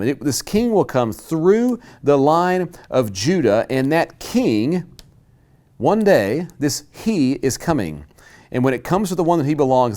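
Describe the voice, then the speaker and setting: A man teaching a Bible class to a live group, emphatic and slowing down to stress key words. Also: mid-range voice, darkish tone.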